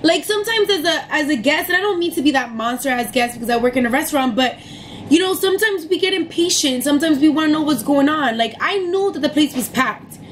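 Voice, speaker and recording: A high-voiced young woman tells a story in a casual, fired-up rant full of swearing. She speaks to camera with a faint hum of room noise behind her. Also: fast, rough recording. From New York City area. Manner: profane, heated, animated retelling. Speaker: vlogger telling a story.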